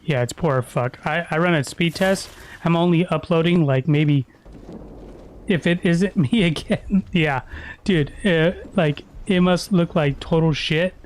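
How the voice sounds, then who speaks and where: A man's voice: a little high, measured pace. A man giving casual, crude and profane commentary while streaming a video game. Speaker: gaming streamer.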